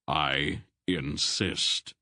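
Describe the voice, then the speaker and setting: A man voicing a wise, dry-humored old sorcerer in an audiobook, speaking calmly and firmly. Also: deep voice, gravelly, breathy edge, dry recording, heavily acted. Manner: calm, measured, gently firm. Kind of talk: audiobook character voice.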